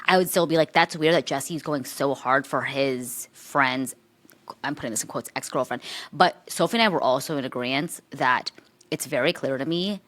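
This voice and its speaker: A woman's voice: rumbling low, normal speed, fairly bright tone. A young woman co-hosting a gossip podcast, chatting casually and playfully, often slipping into impressions. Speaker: podcast co-host. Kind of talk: casual chat.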